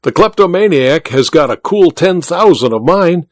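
A man's voice: on the high side, expressive, normal speed, dry recording, studio quality, voice pushed up, natural voice. A man reading aloud, voicing a boisterous wealthy club member in a hearty, blustering manner.

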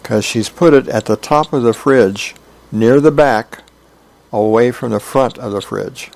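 Gravelly man reading comics aloud. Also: mid-range voice, a little mellow. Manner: plain, unhurried storytelling with small fillers. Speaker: volunteer radio reader.

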